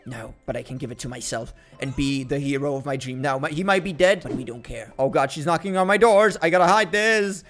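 Young male let's-player, pitched a bit high, goofy and teasing, slips into low fake-smooth asides. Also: a little fast, hardly any pauses, fairly bright tone, soft background music.

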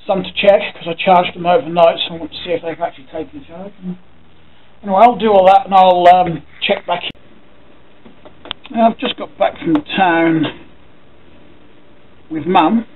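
Tinny, phone-like audio with faint noise captures an English man chatting casually to camera, pondering aloud and swearing now and then. His voice is high, his pace moderate, and he pauses often.

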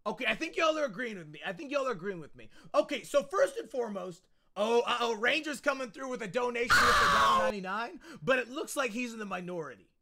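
A man streaming a video game live, excitable and loud, chatting with viewers and often repeating his phrases. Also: very high-pitched, fast talker, gravelly, noisy background. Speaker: gaming streamer. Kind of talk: energetic livestream chat.

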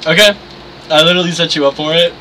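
A man calling a wrestling video game match on a livestream, shouting, laughing and mimicking wrestling announcers. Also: fairly high pitch, fairly even intonation, quick pace, recorded from a distance, noisy background. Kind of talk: livestream play-by-play commentary.

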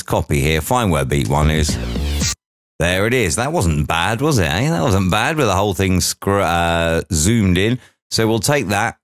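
A man's voice: low-pitched, no room sound, clean studio sound. A man teaching audio editing, talking through each step aloud with chatty asides. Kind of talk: software tutorial walkthrough.

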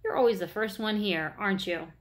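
Gentle teacher, read by a woman. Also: medium pitch, brisk, close to an everyday voice. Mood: friendly. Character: kind, gentle woman schoolteacher.

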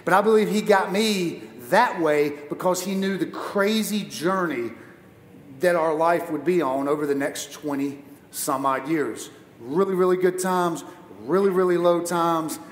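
A high-pitched man delivers a sermon as a guest preacher and tells his own story with humor. His voice rings around a large, reverberant church auditorium. A faint hum of the room sits underneath. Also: normal speed. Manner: lively personal storytelling with humor. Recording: echoey church hall.

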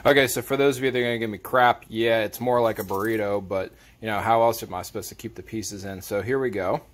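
A fishing charter captain, a man, casually explaining as he cooks in his home kitchen, plain-spoken and relaxed as he works. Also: lowish voice, fast, slight background noise. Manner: plain-spoken, relaxed, talks while working. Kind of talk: casual how-to cooking vlog.

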